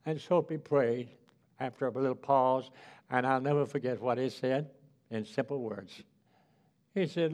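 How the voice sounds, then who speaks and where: A man's voice: medium pitch, moderate pace, darkish tone. A male preacher giving a fervent sermon with personal stories, calling out hallelujah and drawing out key words.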